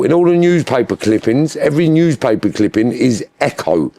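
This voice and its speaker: A man with a Liverpool accent, an interview guest telling his story in a lively, animated way, swearing freely. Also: medium pitch, brisk, hardly any pauses, dry recording. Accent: Liverpool (Scouse). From Liverpool, England. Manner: animated, swears freely, mimics other voices.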